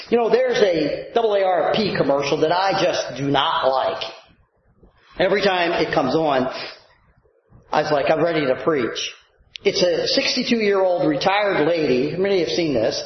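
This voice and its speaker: A male pastor preaching a sermon to his congregation, animated and rising to shouts for emphasis. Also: high-pitched. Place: church sanctuary. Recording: echoey church hall, dull lo-fi sound.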